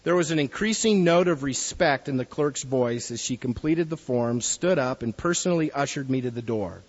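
A man's voice: medium pitch, expressive, moderate pace, in a large hall, muffled recording. A man preaching a sermon in an earnest way, reading a story aloud to his listeners.

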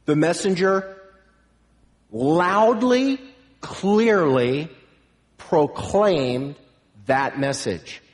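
A man preaching a sermon with emphatic delivery, building to loud proclamations. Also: on the high side, big-room sound. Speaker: pastor.

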